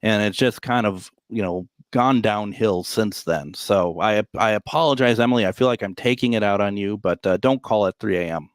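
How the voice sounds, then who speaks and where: A male radio host with a lowish voice chats casually with callers from a hotel room. He rambles and jokes, stacking up fillers and restarts. The sound is close and dry. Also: normal speed, few pauses, dry recording. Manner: rambling, filler-heavy, joking. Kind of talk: casual call-in radio chat.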